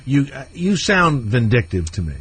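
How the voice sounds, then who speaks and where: A man's voice: mid-range voice, big pitch swings, normal speed, a bit bright. A man hosting a radio talk show, asking a guest teasing, probing questions. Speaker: radio host. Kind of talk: casual radio interview.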